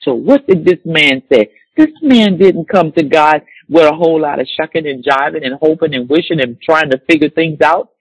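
A man preaching a sermon, reading scripture slowly and repeating key words for emphasis. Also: a little high, husky, no echo, poor audio.

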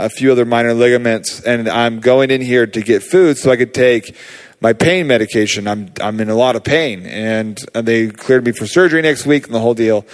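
A man preaching, telling a personal healing story in a casual, animated way with many fillers. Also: mid-range voice. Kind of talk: sermon testimony.

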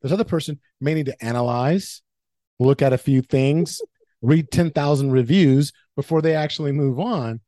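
A man's voice: mid-range voice, normal speed, dark tone, dry recording, clean studio sound. A man who is a guest on a casual podcast, giving earnest, emphatic advice about relationships.

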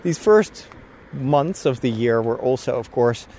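A man's voice: medium pitch, lively intonation, a little slow, warm tone, a little hiss or hum. A man talking casually on a walking vlog, rambling and chatty with frequent laughs, a little out of breath from walking outdoors. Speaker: vlogger. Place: outdoors on a walk.

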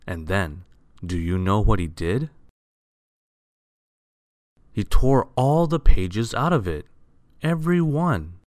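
A man reading a children's picture book aloud, expressive and asking the listener questions. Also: on the low side, takes it slowly, pauses often, no echo, studio quality. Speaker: storyteller.

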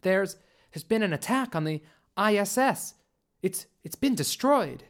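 A man voicing a young woman hacker who answers quickly and nervously in a raised voice. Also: high-pitched, fairly bright tone, voice pushed up. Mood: tense.

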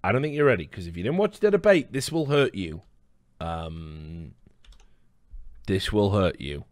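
A man's voice: sits low, expressive, measured pace, no room sound, clean studio sound. Rambling, profane man streamer. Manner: rambling, profane, laughing asides. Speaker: live stream host. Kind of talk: casual reaction commentary.

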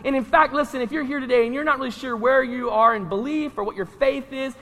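A male pastor with a high, bright, ringing voice delivers an animated, conversational sermon. He keeps checking in with his listeners. The sound carries a long reverb from a large church hall. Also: fast. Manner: animated, conversational preaching with asides to the congregation.

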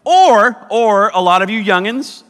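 A man's voice: high voice, expressive, measured pace, a bit bright. A young man preaching a comedic sermon as youth pastor, joking and teasing the crowd in a church hall. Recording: long hall reverb.

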